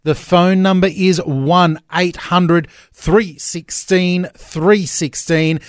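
A man's voice: high voice, steady tone, slow pace, few pauses, soft background music. A man hosting a breakfast radio show in a playful, upbeat way. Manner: upbeat, playful, lots of fillers. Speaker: radio host.

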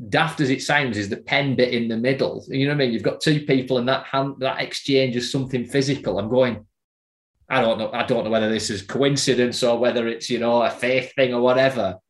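Man, middle-aged, halting storyteller, echoey room. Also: mid-range voice. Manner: halting, repeats words, warm reminiscing. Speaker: guest. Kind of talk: casual conversational storytelling.

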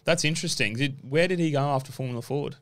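A man's voice: medium pitch, quick pace, a bit bright, clean tone, dry recording. An Australian man, a racing driver guest, telling stories in a rambling, casual way with many fillers. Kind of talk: casual podcast interview.

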